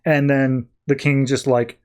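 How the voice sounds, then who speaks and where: A man's voice: medium pitch, level tone, a little slow, darkish tone, clean tone. A man hosting a podcast, casually recapping a comic book in a rambling, filler-heavy way. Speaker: podcast host.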